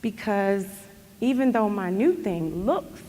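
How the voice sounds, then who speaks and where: A woman telling an animated story as a motivational speaker at a company event. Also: medium pitch, slow pace. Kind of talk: storytelling speech. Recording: long hall reverb.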